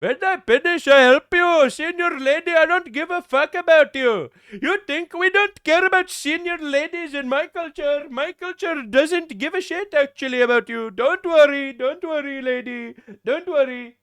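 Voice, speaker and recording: A man's voice: very high voice, moderate pace, few pauses, a bit bright, pitched above the performer's own voice. A man voicing a mocking impression of a rude, lazy male city cop, sneering and taunting.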